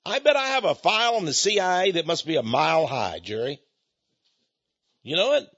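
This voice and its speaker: An older man hosts a radio ministry show in a chatty, folksy monologue, stumbling over restarts and chuckling to himself. His voice sits slightly high and swings widely in pitch, with a husky edge. The audio is dull and lo-fi. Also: very animated, a little fast, a bit bright.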